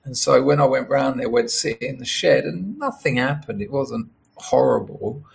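Middle-aged man, gravelly voice, rambling casual storyteller who acts out the dialogue he quotes. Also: medium pitch, big pitch swings, moderate pace. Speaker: writer and storyteller. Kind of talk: casual monologue.

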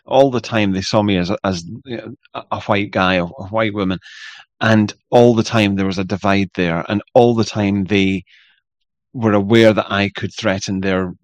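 A man's voice: fairly low pitch, fairly even intonation, normal speed, dry recording. A man hosting a casual interview, speaking reflectively and often restarting his sentences.

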